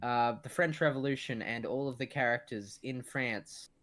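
A man in casual podcast chat with an ordinary mid-range voice. He speaks haltingly, hunting for his words and circling back before finishing a thought. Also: mid-range voice, fairly bright tone. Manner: hesitant, halting with fillers. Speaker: podcast co-host.

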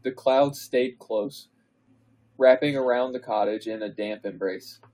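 A man reads fan fiction aloud for a podcast, slow and deliberate. He keeps to a mid pitch and half-performs the prose. He stops now and then to laugh or comment. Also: steady tone, darkish tone, low-quality recording. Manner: reads slowly, breaks into laughs and asides. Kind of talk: comedic dramatic reading.

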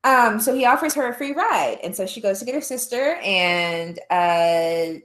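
A woman's voice: mid-range voice, lively intonation, a little slow, fairly bright tone. Young woman rambling through a film recap. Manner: rambling, many "um" and "like" fillers. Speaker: podcast co-host. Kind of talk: casual chat recapping a film.

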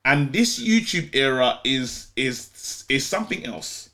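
A man's voice: medium pitch, sing-song, slow pace, pushed and bright. A young man in casual chat, emphatic and often checking in with "yeah?".

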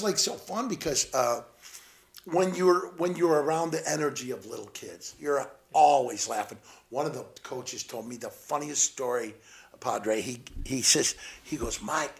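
A man from Southeast Missouri telling stories in a lively, laughing way as a guest on a chat show. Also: medium pitch, gravelly. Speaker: motivational speaker and guest. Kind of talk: animated storytelling chat.

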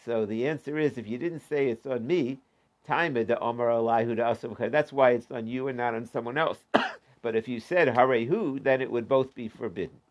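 A man's voice: mid-range voice, fairly quick. A man teaching an informal Talmud class, explaining step by step and restating his points.

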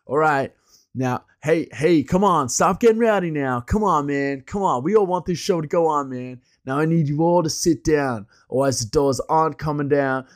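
A man putting on the voice of a laid-back hippie concert announcer who coaxes a rowdy crowd to calm down, stretching out a relaxed "man" as he talks. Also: on the high side, normal speed, pitched above the performer's own voice, lightly acted. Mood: coaxing. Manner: chill, coaxing, drawling "man".

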